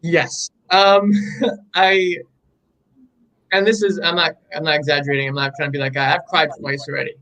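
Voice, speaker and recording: A young man in a candid interview, telling his story with eager enthusiasm and plenty of ums and restarts. His voice sits a little higher than most men's. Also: level tone, moderate pace, pushed and bright, low-quality recording. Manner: enthusiastic, rambling storytelling with many fillers. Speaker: artist guest.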